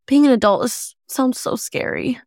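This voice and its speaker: A woman's voice: high voice, moderate pace, no room sound, studio quality. A woman in her twenties co-hosting a podcast, rambling casually with lots of "like". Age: 20s. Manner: animated, rambling, frequent "like". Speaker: podcast co-host. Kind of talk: casual chat.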